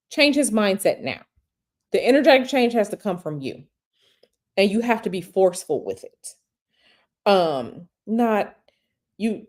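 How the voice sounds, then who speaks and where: Mellow-voiced woman reading tarot live. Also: mid-range voice. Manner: conversational, repeats phrases for emphasis; reads viewer questions aloud and answers directly. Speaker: tarot reader.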